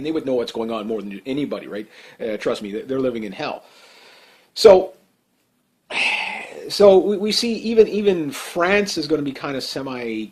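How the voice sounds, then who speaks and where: A man's voice: fairly high pitch, darkish tone. A man giving casual monologue commentary, rambling and heated, with many fillers and restarts. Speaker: political commentator.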